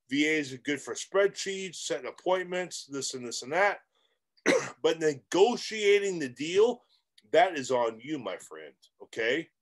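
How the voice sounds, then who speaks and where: A middle-aged man talks straight to camera as a real estate coach. His voice sits fairly high for a man and swings widely in pitch as he leans on words, rambles and cracks jokes at his own expense. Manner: animated, rambling and emphatic, with self-aware jokes and laughs. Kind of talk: direct-to-camera coaching monologue.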